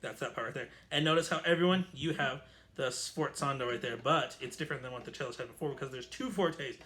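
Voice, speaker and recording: Guy teaching orchestra strings online, bright edgy voice, keeps correcting himself. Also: mid-range voice, fast, faint music behind. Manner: chatty, explanatory, self-correcting. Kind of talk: online music lesson. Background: violin playing.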